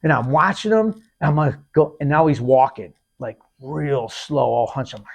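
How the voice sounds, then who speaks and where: A man hosting a podcast, telling a hunting story in a lively, casual way, acting out what people said and often restarting his sentences. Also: mid-range voice, normal speed, gravelly, husky. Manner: animated, acts out quotes, repeats and restarts. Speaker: podcast host.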